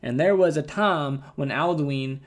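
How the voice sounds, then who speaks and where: A man's voice: on the high side, measured pace, close to an everyday voice. A man reading aloud as a folksy, boastful male Nord storyteller, in his own rural twang.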